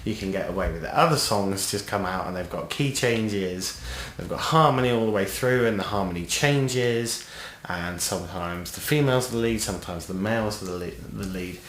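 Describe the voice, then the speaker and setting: A man's voice: low-pitched, a bit bright, echoey room, slight background noise. A man co-hosting a podcast, a guitarist and singer chatting casually and enthusiastically, swearing now and then. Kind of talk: casual chat.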